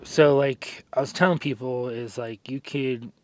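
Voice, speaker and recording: A man's voice: medium pitch, steady tone, unhurried. Rambling man chatting through a workout. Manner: rambling, filler-heavy storytelling. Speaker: fitness vlogger. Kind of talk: casual vlog chat during a workout.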